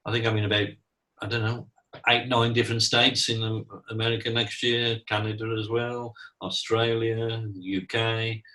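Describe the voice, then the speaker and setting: A man's voice: fairly low pitch, little pitch movement, normal speed, pushed and bright, recorded from a distance, poor audio. A middle-aged man who teaches mediumship, talking earnestly in a casual interview, repeating himself and saying "you know" a lot.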